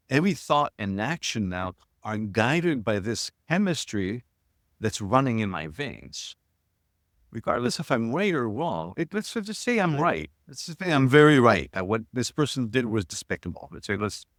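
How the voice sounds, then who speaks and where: Earnest older man, low voice. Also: no room sound, studio quality. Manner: earnest, reflective, with frequent restarts. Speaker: guest, shamanism teacher. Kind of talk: personal storytelling in an interview.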